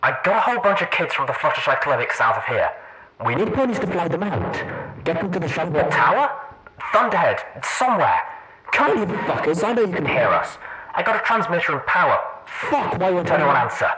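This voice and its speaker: A woman voicing a young male pegasus radio operator who curses and pleads, coughing and raspy, heard through an old crackly radio recording. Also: on the low side, sing-song, brisk. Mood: desperate pleading. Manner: coarse, swearing, desperate pleading. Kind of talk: audiobook character voice.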